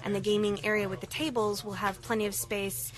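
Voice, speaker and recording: A woman's voice: mid-range voice, fairly quick. A woman who owns a comic store, talking as a guest in casual, bantering chat. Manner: lively, bantering, laughs.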